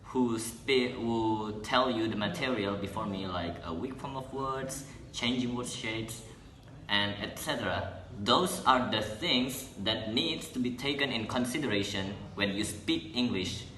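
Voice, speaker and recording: A young man, a student presenting an English lesson in a halting way, correcting himself as he goes. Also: medium pitch, sharp tone, slight background noise. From Indonesia. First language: Indonesian. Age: young adult. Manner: halting, with restarts and self-corrections. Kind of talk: classroom explanation. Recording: echoey room.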